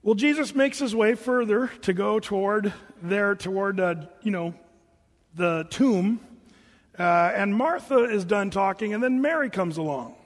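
A man preaching a sermon in a relaxed, conversational way, reading scripture and adding joking asides. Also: high voice, unhurried, long reverb tail.

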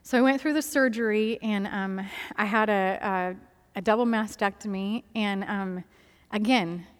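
A woman's voice: medium pitch, unhurried, clear, resonant tone. Woman giving a testimony in a reverberant hall. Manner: candid and conversational, with frequent ums and small laughs. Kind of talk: personal faith testimony talk.

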